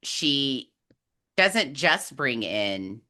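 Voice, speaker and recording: Low-voiced chatty woman. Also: very slow. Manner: chatty, animated storytelling recap. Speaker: podcast co-host. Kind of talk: casual book discussion chat.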